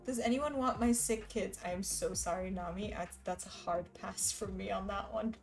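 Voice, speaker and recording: A woman's voice: mid-range voice, normal speed, faint music behind. Giggly woman chatting on stream. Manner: giggly, chatty, reads chat aloud. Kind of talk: casual live-stream chat.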